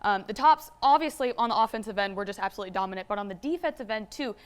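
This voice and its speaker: A woman's voice: mid-range voice, expressive, smooth. Confident young female sports reporter. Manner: quick, confident, with "obviously" fillers.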